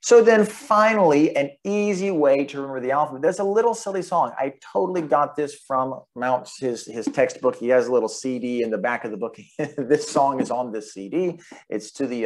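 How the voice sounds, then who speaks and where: A man's voice: mid-range voice, moderate pace. Chatty man teaching the Greek alphabet. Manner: relaxed and chatty, spelling out letters and sounds; sings the alphabet in a plain untrained voice. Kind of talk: casual video lesson.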